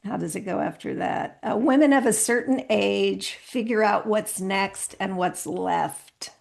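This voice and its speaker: A woman's voice: medium pitch, unhurried, creaky. A woman podcast host, now the guest, talking earnestly and with animation in a casual interview, often restarting her sentences.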